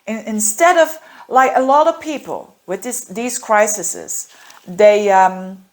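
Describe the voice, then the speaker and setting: A woman's voice: mid-range voice, slow pace. A woman, a native Dutch speaker, reading monthly horoscopes as an astrologer, earnest and encouraging, with many fillers and restarts.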